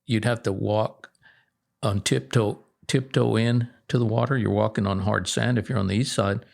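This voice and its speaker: A middle-aged man, a guest angler, telling fishing stories in a relaxed, rambling way with restarts. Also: fairly low pitch, moderate pace, creaky. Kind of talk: casual storytelling.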